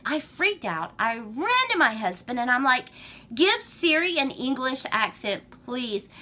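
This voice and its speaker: A woman's voice: sits high, bright, forceful tone. A woman with a Southern US accent chatting through a get-to-know-me tag vlog, rambling and gushing. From Georgia, US. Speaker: vlogger.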